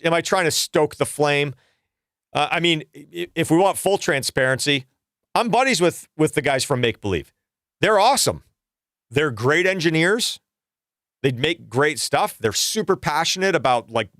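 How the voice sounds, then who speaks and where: A man's voice: a little high, a bit bright, no room sound, clean studio sound. A middle-aged man hosting a casual livestream, rambling and swearing, with frequent restarts as he rants. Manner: rambling, profane, fired-up ranting with frequent restarts. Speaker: livestream host and music producer.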